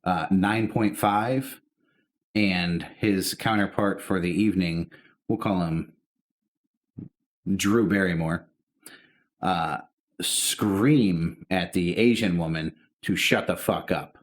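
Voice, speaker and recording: A man's voice: deep voice, takes it slowly, pauses often. A man co-hosting a podcast, telling rambling, profane stories in casual chat. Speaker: podcast co-host.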